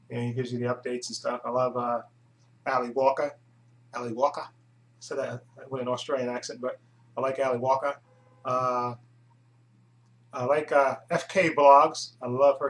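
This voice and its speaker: A man's voice: medium pitch, level tone, moderate pace, pauses often, poor audio. Rambling man chatting to camera. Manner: rambling, full of hesitations and restarts. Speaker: YouTube channel host. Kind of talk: casual chat to camera.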